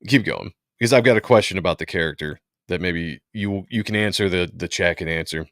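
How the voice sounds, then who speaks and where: Low-voiced relaxed man hosting a comic stream. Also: fairly quick, no room sound, studio quality. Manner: relaxed, chatty, reads comic lines aloud. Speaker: host. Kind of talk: casual comic book livestream chat.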